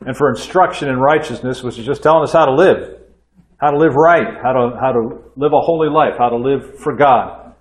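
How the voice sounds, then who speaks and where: A man's voice: mid-range voice, moderate pace. A man in his sixties preaching a sermon in a church with folksy storytelling and conversational asides. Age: 60s. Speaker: pastor. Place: church hall. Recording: echoey room.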